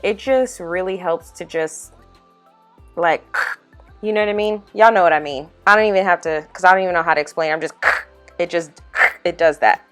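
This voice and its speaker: Chatty young woman with a lowish voice. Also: normal speed, pauses often. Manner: chatty, animated, says "y'all" and "like" a lot. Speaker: makeup vlogger. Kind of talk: casual voice-over chat. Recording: faint music underneath.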